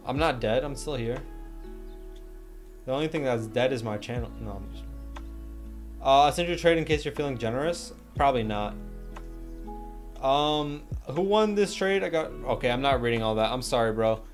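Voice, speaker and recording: A young man chats loosely on a livestream and reads viewer messages aloud. He jokes and talks in slang, at a medium pitch. Soft music plays faintly behind him. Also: animated, moderate pace, long pauses. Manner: laid-back, joking, slangy, reads chat aloud. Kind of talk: casual livestream chat.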